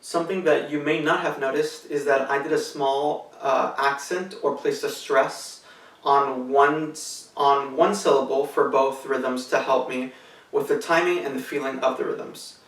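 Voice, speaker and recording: A man teaches a cello lesson, laying out each step patiently and calmly. His voice is bright with a gravelly edge. He is recorded from some distance in an echoey room. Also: medium pitch, measured pace. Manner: patient, methodical explanation with fillers. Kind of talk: instructional tutorial.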